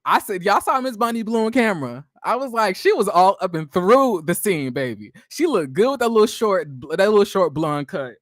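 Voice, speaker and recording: Male recap host, lightly raised pitch, dry close sound, slangy and chatty. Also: normal speed, few pauses, no room sound. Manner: chatty, animated, drifts into asides to viewers; sassy, slangy, addresses viewers as y'all. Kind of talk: casual recap and commentary.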